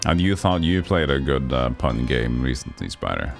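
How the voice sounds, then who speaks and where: A man's voice: a bass voice, normal speed, faint music behind. A man livestreaming a retro game, chatting casually and reading the game's narration aloud. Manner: chatty, laughs at the jokes, reads narration aloud. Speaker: game streamer.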